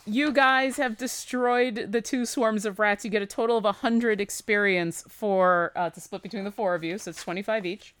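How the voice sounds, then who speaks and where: A woman's voice: medium pitch, fairly even intonation, normal speed, hardly any pauses, fairly bright tone, smooth, dry recording. A woman narrating a tabletop game as game master, easygoing and loose with frequent fillers.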